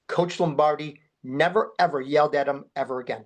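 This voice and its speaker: A man telling sports stories in an interview, acting out the quotes with lively swings in his voice. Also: fairly quick, hardly any pauses. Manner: animated storyteller, acts out quotes with rising pitch. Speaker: guest, memorabilia collector. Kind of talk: storytelling interview.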